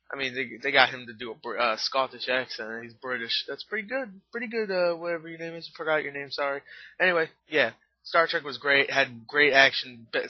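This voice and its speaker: A man's voice: mid-range voice, no echo. Rambling young man counting down movies. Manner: rambling, filler-heavy, swears casually. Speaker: movie reviewer. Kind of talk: casual top-movies countdown vlog. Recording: dull lo-fi sound, dry.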